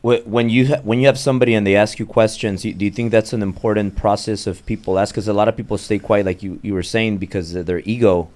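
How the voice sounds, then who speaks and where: A man hosting an interview, asking questions in a halting way with stumbles and restarts. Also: on the low side, fairly even intonation, a little mellow. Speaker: host.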